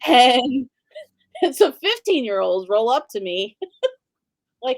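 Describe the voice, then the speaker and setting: A young adult woman co-hosting a casual recap chat, animated, laughing often and peppering her speech with "like". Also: on the high side, a little slow, no echo. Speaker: podcast co-host.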